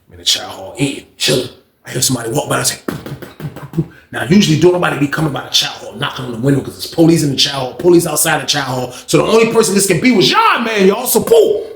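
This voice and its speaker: A young man casually retelling a story in a slangy, profane, animated way. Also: fairly high pitch, racing, vocal fry, slight background noise. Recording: roomy echo.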